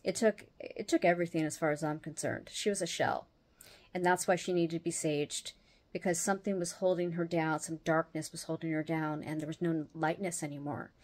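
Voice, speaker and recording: A woman hosting her own show, telling a personal story in a casual, animated way and laughing as she goes. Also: low-pitched, brisk. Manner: animated, acts out the other people's lines as she retells them; laughs often while telling. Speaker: host.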